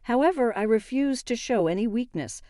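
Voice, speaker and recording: A woman reading a first-person story aloud in a steady, even manner. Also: a little high, normal speed, dry recording, studio quality. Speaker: narrator.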